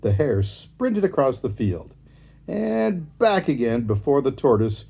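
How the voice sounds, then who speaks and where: A man reads fables aloud in a relaxed, easy way, with warm, mellow tone and a slightly husky grain. His pitch moves a lot as he reads, giving the story plenty of lift. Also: a little slow. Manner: relaxed, easy reading with asides.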